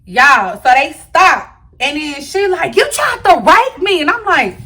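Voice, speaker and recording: Animated high-voiced woman telling a story. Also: normal speed, shouting, slight background noise. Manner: animated, slangy storytelling to viewers. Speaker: vlogger. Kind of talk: storytime vlog.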